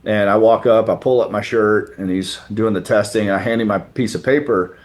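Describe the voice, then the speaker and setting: A man's voice: on the low side, fairly quick. A man guest on a podcast, casually telling a self-mocking story and acting out the voices of the people in it. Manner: animated, acts out the voices of people in his stories; relaxed, self-mocking, mild swearing. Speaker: podcast guest, former college thrower.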